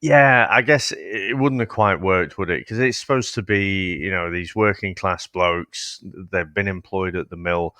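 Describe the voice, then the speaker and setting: Blunt sweary man, low voice. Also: a little slow, few pauses, bright, forceful tone, dry recording, clean studio sound. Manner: blunt, heavy swearing, thinking aloud with restarts. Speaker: podcast host. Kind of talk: casual film review chat.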